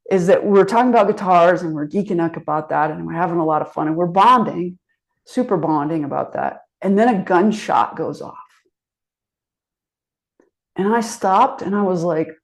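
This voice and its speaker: A woman's voice: lowish voice, gravelly, a little mellow, low-quality recording. A middle-aged woman leading a workshop, telling stories casually with frequent fillers. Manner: chatty storytelling with frequent fillers. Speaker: workshop trainer and executive coach. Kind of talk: conversational workshop presentation.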